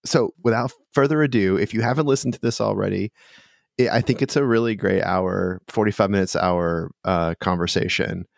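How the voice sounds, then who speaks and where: A man's voice: lowish voice, moderate pace, vocal fry, no room sound, clean studio sound. A man hosting a podcast, chatting casually and animatedly with lots of restarts and laughter. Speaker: podcast host and dungeon master. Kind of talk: casual chat.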